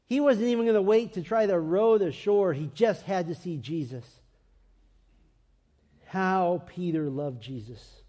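A man preaching a sermon in an earnest voice that swings between emphatic and hushed. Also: sits high, a little slow, in a large hall.

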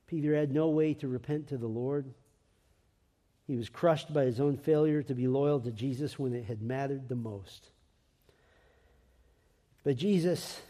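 A man preaching a sermon in an earnest voice that swings between emphatic and hushed. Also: fairly high pitch, big-room sound.

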